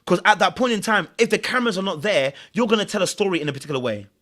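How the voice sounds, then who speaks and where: A man's voice: high voice, very fast. A man hosting a podcast, giving emphatic commentary on a reality show and acting out the people he quotes. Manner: animated, emphatic, acts out quotes. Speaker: podcast host.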